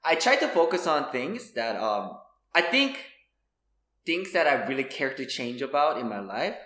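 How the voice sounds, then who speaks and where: A young man in his twenties chats on a podcast in a rambling, filler-heavy way and laughs easily. His voice sits at a middle pitch. The sound bounces around an echoey room. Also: big pitch swings, unhurried, pushed and bright. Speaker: podcast co-host. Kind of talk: casual chat.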